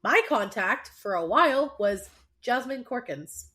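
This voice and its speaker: A woman's voice: a little high, expressive, a little slow, pushed and bright. A woman co-hosting a podcast, chatting casually with a teasing, laughing manner. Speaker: podcast co-host. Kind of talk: casual chat.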